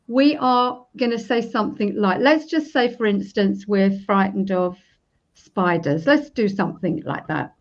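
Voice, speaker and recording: A woman in her fifties, a practitioner being interviewed, explaining her technique and acting out sample self-talk as she goes. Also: a little high. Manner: demonstrative, acts out sample self-talk while tapping. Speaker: EFT practitioner, guest. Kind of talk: casual interview. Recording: dull lo-fi recording.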